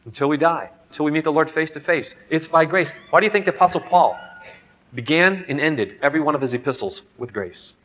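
A middle-aged man preaching a personal storytelling sermon, animated, swinging from loud to hushed. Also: on the high side, brisk. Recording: dull lo-fi hall recording.

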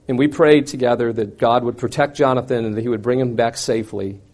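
A middle-aged man telling a personal testimony to an audience, swinging from loud, intense outbursts to quiet, hushed reflection. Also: mid-range voice, fairly even intonation, a little fast. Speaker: speaker sharing a personal testimony. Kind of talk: dramatic personal storytelling to an audience.

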